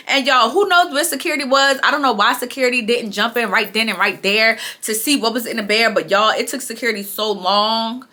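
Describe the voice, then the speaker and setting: A young woman with a bright, fairly high voice talks casually to her viewers as she recaps a show. She is chatty and animated, often repeating phrases and speaking straight to her audience. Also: brisk, few pauses. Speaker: TV recap vlogger.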